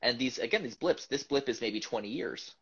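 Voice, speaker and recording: A man hosting a casual podcast chat, talking in a rambling, animated way with many restarts and laughs. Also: mid-range voice, fairly quick, crowd noise. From United States. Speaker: podcast host. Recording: dull lo-fi podcast audio.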